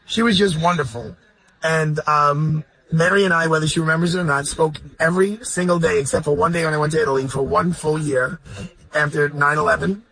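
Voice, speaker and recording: A man hosting a heartfelt radio interview, talking in an effusive, overflowing way. His voice sits a bit high and sounds husky. He is middle-aged and often runs over his guest's answers. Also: steady tone, a little fast, pushed and bright, low-quality recording. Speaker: radio host. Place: high-floor room, then a golf course.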